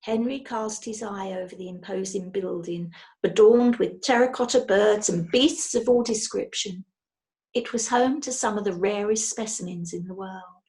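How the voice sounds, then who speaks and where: A woman reading a children's book aloud with lively, expressive narration. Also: medium pitch, moderate pace. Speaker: storyteller.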